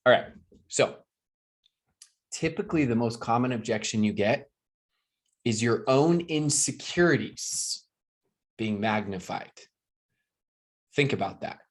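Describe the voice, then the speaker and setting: Upbeat American man coaching over a video call. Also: medium pitch. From United States. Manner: energetic, joking, asks the audience questions. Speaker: network marketing trainer. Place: speaking to a live video call audience.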